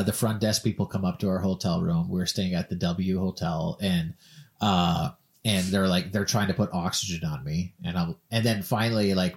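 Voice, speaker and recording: A man from Minnesota co-hosting a podcast, telling a story in a casual, animated way and acting out the quoted voices. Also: deep voice. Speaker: podcast co-host.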